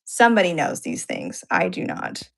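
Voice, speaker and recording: Lowish-voiced woman rambling on a home livestream, lots of ums, jokes at herself. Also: wildly swooping pitch, moderate pace, vocal fry, fairly bright tone. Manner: chatty, self-deprecating, rambling with fillers. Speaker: co-host of art live stream. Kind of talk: casual chat. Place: home upstairs room.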